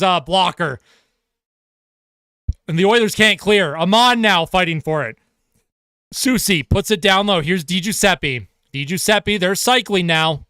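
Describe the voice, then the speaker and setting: A man giving live play-by-play of a hockey game as a fan commentator, excitable and quick to shout. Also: high voice, clean tone, no room sound, studio quality. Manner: excitable, shouts on goals, laughs at himself.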